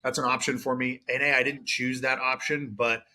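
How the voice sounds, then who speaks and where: A man's voice: mid-range voice, little pitch movement, moderate pace, bright, forceful tone. A man hosting a podcast, talking with a guest in a thoughtful, loose way. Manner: thoughtful, loose phrasing with fillers. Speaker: podcast host. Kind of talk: casual podcast interview.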